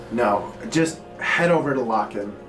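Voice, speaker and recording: A man's voice: mid-range voice, expressive, slow. A man playing a weary, grim king. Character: weary, grim male king giving orders. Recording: echoey room, music behind.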